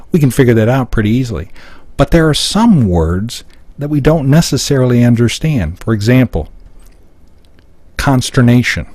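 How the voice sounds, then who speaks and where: Male seminar presenter, mid-pitched, emphatic teaching delivery, dry close sound. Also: a little mellow, no room sound. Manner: explanatory, emphatic, acts out example lines. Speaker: seminar speaker. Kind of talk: live public-speaking seminar. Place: seminar room before an audience.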